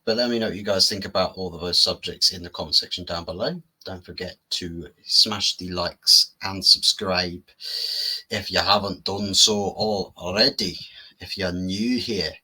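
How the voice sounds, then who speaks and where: A man's voice: low-pitched, fairly even intonation, normal speed, sharp tone, husky, poor audio. A man hosting a football channel, giving casual, rambling commentary and firing rhetorical questions at viewers.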